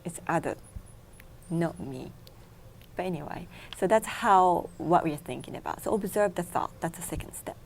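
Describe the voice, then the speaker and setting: A woman with a fairly low voice whose first language is Japanese, a guest on a television interview. She explains meditation practice step by step in simple, non-native English, with a faint hiss behind her. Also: lively intonation, moderate pace, darkish tone. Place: local TV studio.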